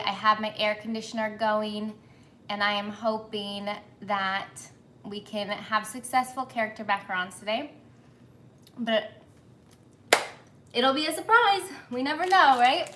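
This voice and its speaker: A woman in her thirties hosts a live baking stream from her home kitchen, her mid-range voice sharp in tone over slight background noise. Flustered and sweating from the humidity, she chats apologetically, greets viewers and reads their comments aloud.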